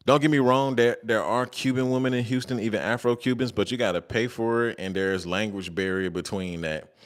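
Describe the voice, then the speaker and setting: A man's voice: fairly low pitch, fairly even intonation, brisk, hardly any pauses. A man hosting a casual livestream, reading viewer comments aloud in a loose, slangy way, repeating his phrases and laughing often.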